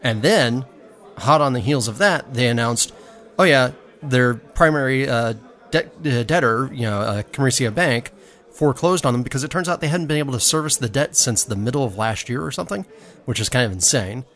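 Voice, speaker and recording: Male podcast co-host, mid-pitch voice, chatty and exclamatory, casual recap delivery. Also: a little fast. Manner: chatty, exclamatory, lively storytelling. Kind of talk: casual chat.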